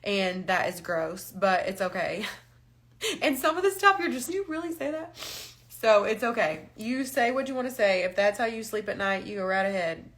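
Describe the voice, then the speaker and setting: A woman's voice: mid-range voice, lively intonation, normal speed, a bit bright. A woman talking candidly on a live stream, frank and emotional, holding back tears. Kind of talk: casual live-stream talk. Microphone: phone or webcam on a live stream.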